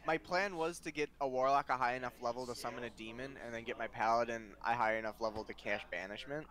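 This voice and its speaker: A man's voice: medium pitch, fast, fairly bright tone. A man playing in a tabletop game, talking casually in a rambling, hesitant way with many restarts. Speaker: player.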